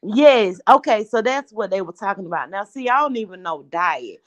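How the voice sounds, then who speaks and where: A woman in a casual gossip chat, animated, with quick exclamations. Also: medium pitch.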